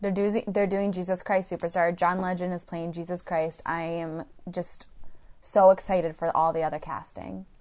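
A woman's voice: lowish voice, little pitch movement, normal speed, a little mellow. A woman co-hosting a podcast, chatting casually, laughing often and using lots of fillers. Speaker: podcast co-host. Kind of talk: casual chat.

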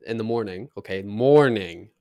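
Podcast co-host, young man, low voice, teasing and relaxed, dry close sound. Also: normal speed, no echo. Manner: teasing, laid-back banter. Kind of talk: casual chat.

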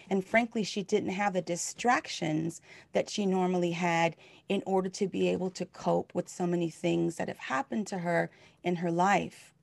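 A woman's voice: mid-range voice, gravelly, no room sound. A middle-aged woman minister giving a heartfelt, conversational sermon with many fillers.

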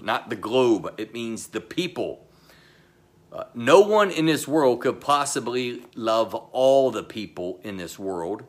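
A middle-aged man, the pastor, delivering a sermon in a slow, emphatic way, pausing often and dropping to a low voice, with chatty asides to the congregation. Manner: slow, emphatic delivery with pauses and sudden drops to a quiet voice.

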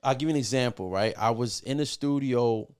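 A man's voice: mid-range voice, brisk, a little mellow, clear, resonant tone. Middle-aged man telling loose, profane stories. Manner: profane, loose, filler-heavy with many restarts. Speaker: podcast guest, music producer. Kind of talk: casual storytelling.

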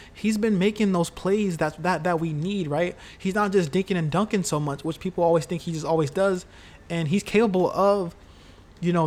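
A man talking casually about his football team, heated and profane, rambling with lots of fillers and repeated words. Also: high voice. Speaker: sports fan commentator. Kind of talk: casual solo sports talk.

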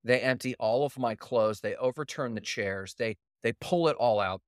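Laughing, animated male podcast host. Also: medium pitch, normal speed, clean tone, dry recording, clean studio sound. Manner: animated storyteller, acts out quotes, laughs often. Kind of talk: casual chat storytelling.

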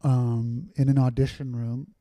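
A man's voice: mid-range voice, flat delivery, a little slow, warm tone, dry recording. A man talking casually as a podcast guest, rambling and candid, with many fillers and restarts. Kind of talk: casual conversational storytelling.

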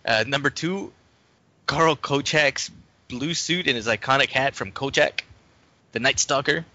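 A man's voice: medium pitch, a little slow, sharp tone, no echo, highs cut off. A man co-hosting a casual podcast chat, joking and laughing often. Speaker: podcast co-host.

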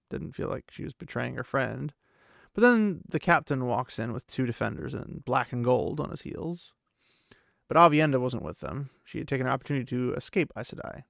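A man's voice: mid-range voice, creaky, dry recording, studio quality. A man hosting a podcast and recapping a book chapter in a chatty, casual way full of fillers and asides. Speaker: podcast host.

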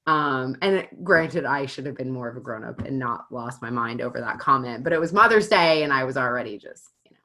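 A woman in her thirties, a mother of young children, chatting casually and telling a family story in an animated, self-mocking way. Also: a bass voice, a little fast. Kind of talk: casual chat.

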